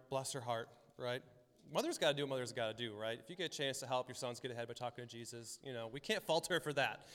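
A man preaching in a relaxed, talky way, slipping into the voices of the people in his stories. His voice sits a little higher than most men's. The sound carries a long reverb from a large church hall. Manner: casual and chatty, acts out voices in the stories. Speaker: pastor. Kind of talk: conversational sermon.

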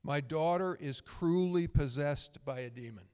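A man preaching a sermon, voicing a desperate mother's plea in a lowered voice. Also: a little slow, a little mellow, clear, resonant tone, close to an everyday voice. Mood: pleading. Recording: long hall reverb.

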